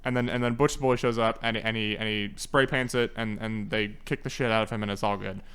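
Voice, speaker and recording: A man's voice: on the low side, steady tone, fast talker, a bit bright, clean tone. A man co-hosting a casual movie-review podcast, retelling the plot in a rambling way with many restarts. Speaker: podcast co-host.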